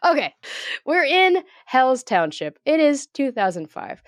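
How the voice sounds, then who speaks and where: A woman's voice: high-pitched, very animated, unhurried, no echo. A woman co-hosting a podcast, recapping a movie plot in order with dry asides. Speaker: podcast co-host. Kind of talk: casual movie recap chat.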